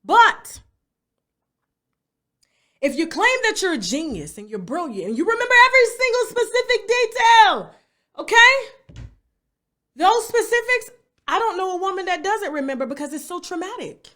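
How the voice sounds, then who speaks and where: Brief: high-voiced woman host, animated rant full of tag questions. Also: normal speed, pauses often. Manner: animated, repeats tag questions like "okay?" and "you understand?". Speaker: YouTube commentary host. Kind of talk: livestream rant to viewers.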